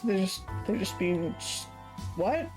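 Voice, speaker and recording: A woman's voice: medium pitch, sing-song, slow, darkish tone, soft background music. Giggly young woman streaming a game. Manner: casual and giggly, swears freely, reads story text aloud. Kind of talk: live-streamed game commentary.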